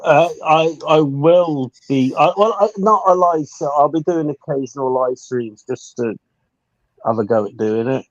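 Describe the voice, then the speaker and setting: A man's voice: a little high, measured pace. A man with a Midlands English accent, a guest chatting casually on a podcast, swearing freely and poking fun at himself. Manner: swears freely, self-deprecating. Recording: dry, dull lo-fi mic.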